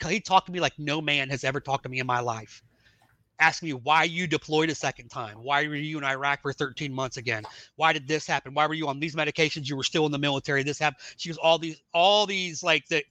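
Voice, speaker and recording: A middle-aged man telling his life story in a casual podcast chat, acting out the dialogue of the people in it with animated voices. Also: on the high side, no echo. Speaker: podcast guest.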